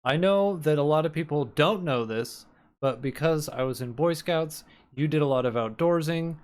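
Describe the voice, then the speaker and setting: A man co-hosting a casual book club podcast, deadpan and profane as he acts out characters' lines. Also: fairly high pitch, normal speed. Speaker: podcast co-host.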